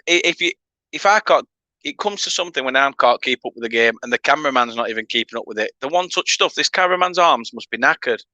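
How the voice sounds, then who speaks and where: A man's voice: medium pitch, sharp tone, no echo. A man with a northern English accent hosting a casual football watchalong, chatting with viewers between play-by-play remarks. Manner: chatty banter with viewers, laughing asides. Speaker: fan channel host.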